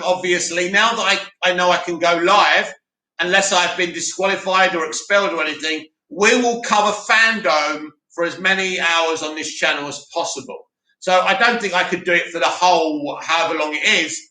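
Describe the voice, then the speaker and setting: A man's voice: high voice, pushed and bright, roomy sound. A young man from Bromley with a South London accent, hosting a casual live stream, reading chat comments and bantering about films. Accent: South London English. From Bromley, England. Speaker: host of a live movie news stream.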